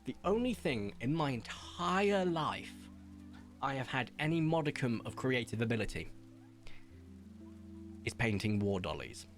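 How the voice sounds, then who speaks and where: A man's voice: medium pitch, very animated, a little slow, long pauses, soft background music. Chatty West Country man streaming a game. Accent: English West Country. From Somerset, England. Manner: chatty, self-deprecating, drifts between posh and broad tones. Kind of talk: casual livestream chat.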